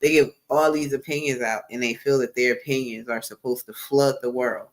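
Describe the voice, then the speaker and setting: A woman's voice: extremely low pitch, fairly even intonation, a little fast. Candid, emphatic woman streaming live. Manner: candid, emphatic, repeats phrases for stress. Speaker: livestream host. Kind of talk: casual live-stream monologue.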